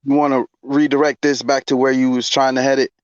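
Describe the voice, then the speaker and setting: A man's voice: mid-range voice, flat delivery, fast talker, dry recording. A man on a video call, talking bluntly and swearing often in a casual panel chat while steering the topic. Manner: blunt, profane, keeps steering the talk. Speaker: panel regular. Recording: dull lo-fi video call audio.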